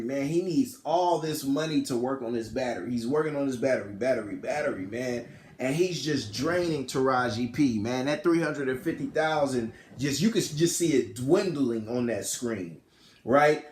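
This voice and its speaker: A man's voice: mid-range voice, expressive, moderate pace, a little mellow, roomy sound. A man casually retelling a film's plot in a rambling, slangy way, often correcting himself. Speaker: film reviewer.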